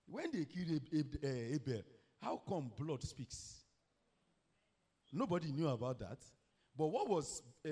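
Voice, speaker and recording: Preacher guy, kinda high voice, storytelling sermon, yells out big lines then drops back down. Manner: storytelling with sudden shouted peaks and rhetorical questions.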